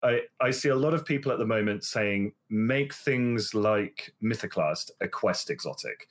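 Swearing, animated man on a podcast. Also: normal speed. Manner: animated storytelling, swears a lot, acts out quotes in a higher voice. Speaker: podcast co-host and gamer dad. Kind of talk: casual podcast chat.

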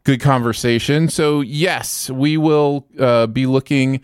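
A man's voice: medium pitch, fairly even intonation, slow pace, clear, resonant tone, no room sound, clean studio sound. A man hosting a movie podcast in casual chat, running a countdown. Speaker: podcast host.

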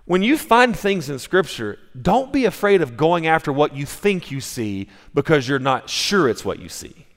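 A man's voice: fairly high pitch, big pitch swings, normal speed, vocal fry, a bit bright. A male pastor preaching a sermon, telling stories in a conversational way with frequent restarts. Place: church sanctuary. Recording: long reverb of a church hall.

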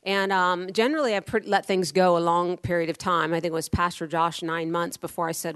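A woman's voice: fairly low pitch, steady tone, fairly quick, hardly any pauses, fairly bright tone, clean tone, no echo. Blunt woman preacher with dry humor. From Tampa, Florida, USA. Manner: dry humor, rambling storyteller; firm and blunt. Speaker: pastor. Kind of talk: sermon with personal anecdotes.

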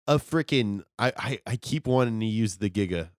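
A man with a mid-pitched voice talks in a laid-back, profane way on a casual podcast, his pitch swinging widely up and down. He sits close to the mic in a dry, dead-sounding space. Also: animated, moderate pace, dry recording. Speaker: podcast co-host. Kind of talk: casual chat.

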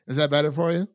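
A man's voice: medium pitch, dry recording, studio quality. A young man from Ohio hosts a casual podcast, chatty and laughing often, with frequent fillers. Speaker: podcast host.

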